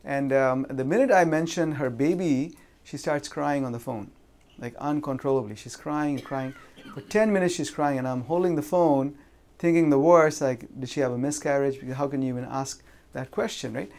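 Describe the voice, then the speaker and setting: A Vancouver man with a mid-range, darkish voice gives a seminar talk on insurance and real estate. He tells a personal story conversationally, often ending sentences with "right?", and pauses and restarts with fillers.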